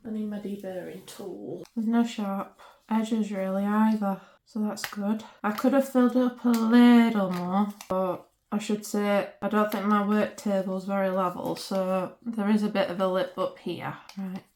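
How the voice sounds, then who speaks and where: A woman's voice: mid-range voice, darkish tone, roomy sound, a little hiss or hum. A woman hosting a casual crafting vlog, out of breath and chatting as she works in her home craft room. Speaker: resin crafter and channel host.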